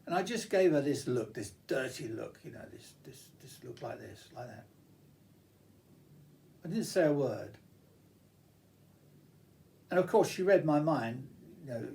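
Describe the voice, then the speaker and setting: A man's voice: mid-range voice, expressive, a little slow, gravelly, pauses often, warm tone. An older man talking to camera in a rambling personal monologue, reminiscing with frequent restarts and fillers. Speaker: vlogger.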